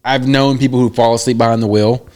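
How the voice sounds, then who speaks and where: A man's voice: mid-range voice, fairly even intonation, fast, darkish tone, clear, resonant tone. A man co-hosting a podcast in casual chat, laid-back, laughing along and repeating his co-host's punchlines. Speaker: podcast co-host.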